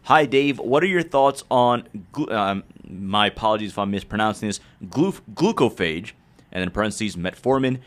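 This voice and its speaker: A man's voice: fairly low pitch, animated. Man reading out viewer questions. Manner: reads carefully and slowly, with light asides. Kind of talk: reading questions aloud on a live show.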